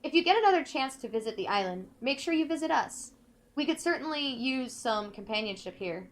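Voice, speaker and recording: A woman playing a video game, reading in-game notes aloud slowly and carefully, breaking off now and then to comment. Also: high-pitched, animated. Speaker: let's play gamer.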